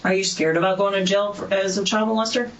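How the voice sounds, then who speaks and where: A man's voice: sits high, steady tone, quick pace, a bit bright, dull audio, a little hiss or hum. Probing male detective in an echoey room. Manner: probing, pressing, hesitant fillers. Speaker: police detective. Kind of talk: interrogation questioning.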